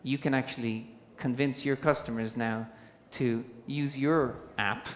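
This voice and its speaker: A man's voice: mid-range voice, fairly even intonation, measured pace. A man moderating a conference panel in a casual, chatty way. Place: conference stage in a large hall. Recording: long hall reverb from a PA.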